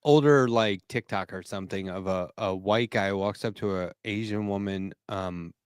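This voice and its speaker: A man's voice: fairly low pitch, normal speed, clear, resonant tone, dry recording. Male podcast co-host, casual anecdote teller, dry close mic. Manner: storytelling, trails off quietly. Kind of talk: casual chat.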